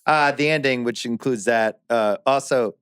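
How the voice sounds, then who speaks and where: A man's voice: mid-range voice, moderate pace, fairly bright tone, clean tone, no echo. Dry-voiced middle-aged man hosting. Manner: wry, steers the talk with questions. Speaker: podcast host. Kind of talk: casual chat.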